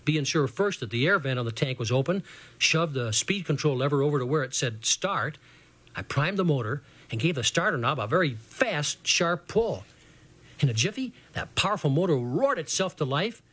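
Middle-aged male storyteller, fairly high voice, very animated, reading a kids' adventure serial. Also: normal speed, breathy edge, no room sound. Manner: lively, animated boyish first-person narration. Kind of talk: children's radio story reading.

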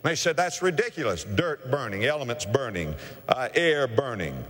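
Impassioned preacher in a reverberant hall. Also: male voice, medium pitch, sing-song, normal speed, fairly bright tone. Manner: impassioned, preacherly, acts out characters in a story. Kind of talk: evangelistic sermon with storytelling.

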